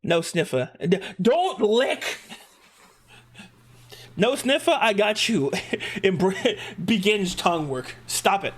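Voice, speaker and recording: A man's voice: high voice, slow, pauses often. A young man streaming live, joking around and chatting with his viewers as he reacts to a video. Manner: joking, animated, talks to chat.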